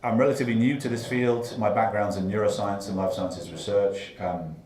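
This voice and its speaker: A man on a conference panel introducing himself, measured and thoughtful with many fillers. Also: fairly low pitch, steady tone, darkish tone, distant mic. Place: big conference room. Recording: echoey conference room.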